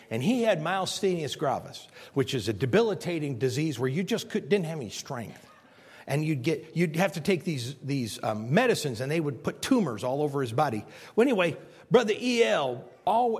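A man's voice: a little high, breathy edge, long reverb tail. A man pastor preaching a sermon, telling stories and emphatically repeating his key points.

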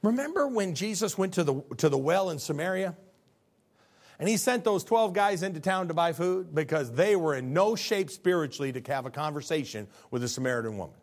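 A man's voice: on the high side, expressive, a little fast. A middle-aged male pastor preaching a sermon in a conversational way, asking the congregation questions and acting out quotes.

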